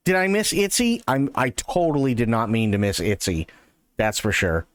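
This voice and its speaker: A man's voice: mid-range voice, big pitch swings, moderate pace, no echo. Chatty male livestreamer. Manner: chatty, thanks chat warmly. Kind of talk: casual livestream chat.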